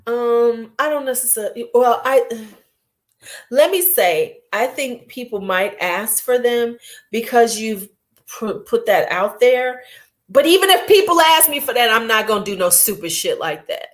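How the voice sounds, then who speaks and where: Blunt, animated woman vlogger. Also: fairly high pitch, measured pace. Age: 40s. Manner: blunt, animated, profane, self-mocking. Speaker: beauty vlogger. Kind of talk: casual chat.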